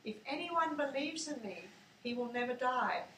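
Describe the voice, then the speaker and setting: Jesus, a calm grown teacher, speaks gently and earnestly in a storybook reading, as a woman reads his lines. The voice sits high and bright. It is heard from a distance in an echoey room. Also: moderate pace, a little hiss or hum. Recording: echoey room, mic far off.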